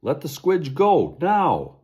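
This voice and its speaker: Old male Sasquatch, voiced by a man: strong, suspicious, blustery; husky, lively delivery. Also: fairly low pitch, measured pace, full character voice. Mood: angry. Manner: blustering, accusing.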